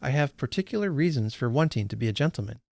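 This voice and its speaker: A man's voice: mid-range voice, expressive, fast talker, gravelly, darkish tone, no echo, clean studio sound. A man reading an impatient, discontented young man. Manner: impatient, earnest complaining.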